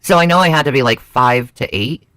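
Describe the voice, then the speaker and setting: A man's voice: mid-range voice, brisk, sharp tone, clear, resonant tone, no room sound, clean studio sound. A man in his forties from Connecticut, co-hosting a casual chat while reacting to a video, playful and musing aloud. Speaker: podcast co-host.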